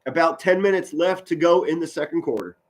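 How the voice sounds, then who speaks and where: Man, amateur play-by-play caller, slightly high voice, excitable, stumbles over words. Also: a little fast. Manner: excitable, pitch rising on big plays, stumbles and repeats words. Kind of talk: live play-by-play commentary with chat.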